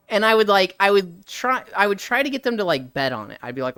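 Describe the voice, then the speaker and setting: Lively, animated streamer chatting with viewers. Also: mid-range voice, fast talker, hardly any pauses, faint music behind. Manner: animated storytelling, acting out quoted friends, laughs often; casual, swears, quips. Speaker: livestreamer. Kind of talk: casual chat with stream viewers.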